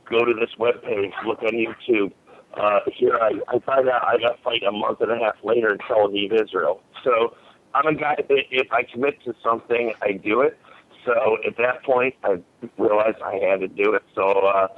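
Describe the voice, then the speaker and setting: A man in his forties, a guest telling old fight stories in a blunt, rambling way, swearing freely. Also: fairly low pitch. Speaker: podcast guest, former fighter. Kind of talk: storytelling in a casual interview. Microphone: phone line. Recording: tinny phone line, faint hiss.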